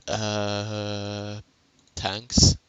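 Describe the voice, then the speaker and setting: A man with a quiet voice talking through a casual game tutorial on a headset mic, chatty and self-mocking, laughing often. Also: on the low side, completely flat delivery, very slow, smooth, no room sound, dull audio. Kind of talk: casual gameplay tutorial commentary.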